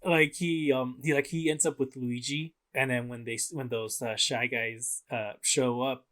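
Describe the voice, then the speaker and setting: Brief: male co-host, mid-pitched, loose and filler-heavy casual film chat. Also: steady tone, a bit bright. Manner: rambling, halting, heavy on fillers. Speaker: podcast co-host. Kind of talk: casual movie review chat.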